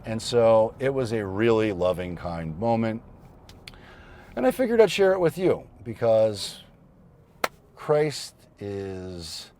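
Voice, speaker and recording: A man in his thirties, a vlogger, telling a family story casually and reflectively, with fillers and pauses. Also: lowish voice, very animated, dark tone, a little hiss or hum.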